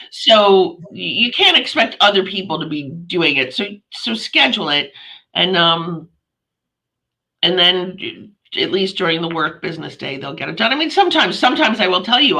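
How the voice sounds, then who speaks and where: A woman co-hosting a casual business chat as a real estate agent, animated and acting out the quotes in her own stories. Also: on the low side, poor audio.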